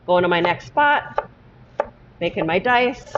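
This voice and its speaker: A woman's voice: lowish voice, lively intonation, slow, lo-fi sound, background noise. A woman teaching a cooking lesson in her kitchen, talking step by step and often checking in with "okay?". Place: home kitchen.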